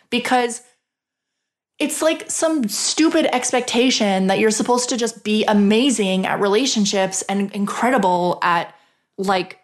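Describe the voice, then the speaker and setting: A woman hosting a podcast, telling a personal story in a frank, chatty way, swearing freely and filling her talk with "like". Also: fairly high pitch. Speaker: podcast host.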